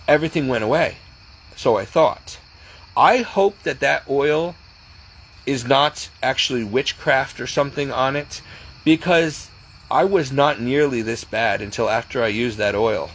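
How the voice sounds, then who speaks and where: A man's voice: medium pitch, a little hiss or hum, low-quality recording. A man talking casually to camera in an anxious, rambling way, repeating himself as he goes. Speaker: vlogger. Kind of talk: casual personal monologue to camera.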